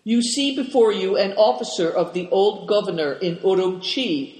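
A man doing a loud, boastful bandit chief. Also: high voice, expressive, normal speed, echoey room, long reverb tail. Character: bold, loud male bandit chief in disguise.

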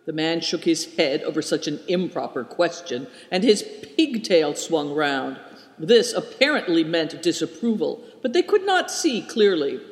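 High-voiced male storybook narrator. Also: big pitch swings, a little slow. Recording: roomy hall reverb.

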